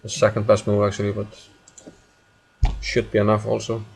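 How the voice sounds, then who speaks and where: A man's voice: fairly low pitch, monotone, normal speed, creaky, husky. A man with an Icelandic accent giving live chess commentary, calling out moves in short bursts.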